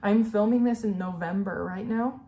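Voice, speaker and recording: A woman's voice: mid-range voice, normal speed, warm tone. A young adult woman speaking candidly and emotionally in a personal vlog, full of "like" and "you know". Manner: earnest, emotional, filler-heavy with "like" and "you know". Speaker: vlogger.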